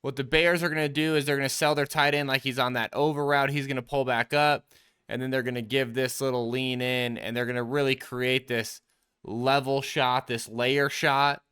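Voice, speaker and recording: Bright, crisp-voiced man coaching through game film. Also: medium pitch, little pitch movement, moderate pace. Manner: coach-like, explains step by step, addresses viewers as team. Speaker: quarterback trainer and show host. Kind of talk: casual football film breakdown commentary.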